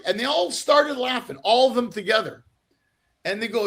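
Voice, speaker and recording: Brief: Canadian comedian, male, high and gravelly, animated podcast anecdotes. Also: moderate pace. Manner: animated, profane anecdotes with acted-out voices. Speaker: guest comedian. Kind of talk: storytelling podcast chat.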